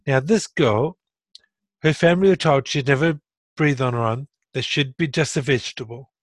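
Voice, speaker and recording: A man's voice: mid-range voice, normal speed, dry recording. A middle-aged man speaking bluntly and earnestly in a casual conversation. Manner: earnest, blunt, animated when retelling. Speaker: guest sharing stroke recovery story.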